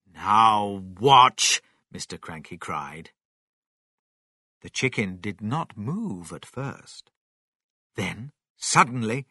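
A man reading a children's story aloud with slow, expressive narration. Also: medium pitch, slightly rough, no room sound, clean studio sound.

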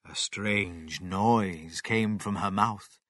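Male storybook reader, slow and deliberate, with a bright tone and a dry, close sound. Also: on the low side, no room sound. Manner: expressive, acts out character voices. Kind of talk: children's story read aloud.

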